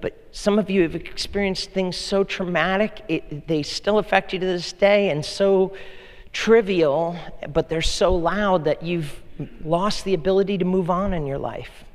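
A male pastor preaching a sermon in a conversational, playful way, often repeating words for emphasis. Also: sits high. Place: large church hall. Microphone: handheld mic. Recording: long hall reverb.

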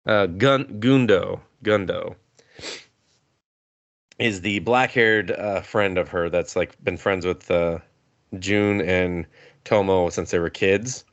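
Rambling gravelly man on a podcast. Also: low voice, slow, muffled recording. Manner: rambling, swearing, laughing between thoughts. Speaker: podcast co-host. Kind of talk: casual anime review chat.

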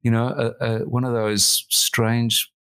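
A man from Australia, a comedy writer and producer, telling animated stories as a guest in a casual interview, with many restarts. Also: medium pitch, slow, clean tone.

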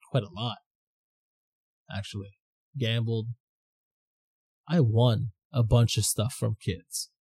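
Brief: young male podcast host from the Philippines, swears freely, mellow warm tone, animated. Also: mid-range voice, husky. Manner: profane, animated storytelling with quoted voices. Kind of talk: casual chat.

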